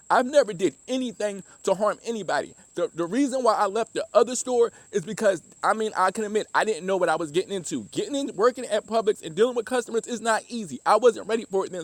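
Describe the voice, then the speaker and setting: A man's voice: sits high, no echo. A man with a Southern US accent giving an earnest, emotional personal testimony, repeating himself and restarting sentences. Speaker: former deli worker giving testimony.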